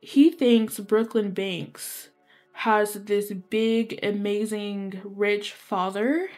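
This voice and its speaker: A woman's voice: mid-range voice, steady tone, very slow, a little mellow, soft background music. Young woman gaming creator, rambling, filler-heavy storyteller who keeps apologizing. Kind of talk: casual storytelling while playing.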